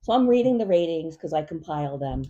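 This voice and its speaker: A woman telling a story in casual chat, lively, chiming in with quick quips. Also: low voice, muffled recording. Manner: lively, heated, chimes in with quips. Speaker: podcast co-host.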